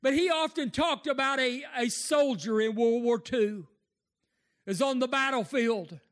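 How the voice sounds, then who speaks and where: A man preaching a sermon, impassioned, rising to shouts and tearful cries. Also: very high voice, measured pace.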